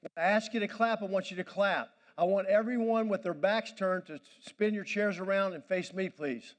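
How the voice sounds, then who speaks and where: His voice sits high and moves at a moderate pace as he works a banquet hall, a motivational speaker taking command and rousing the audience with energetic, crowd-directed words.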